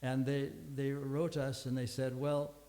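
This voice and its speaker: A man's voice: mid-range voice, level tone, unhurried, dark tone, rough recording. An older man giving a scripture class, telling a long story in a rambling way with many restarts and fillers.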